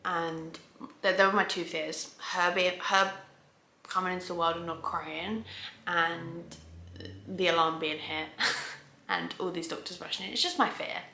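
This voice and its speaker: A woman's voice: lowish voice, fairly even intonation, slow pace, pauses often, sharp tone, slight background noise. A woman vlogger telling a long story to the camera at home, chatty and rambling, often stopping to restart a sentence. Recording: roomy echo.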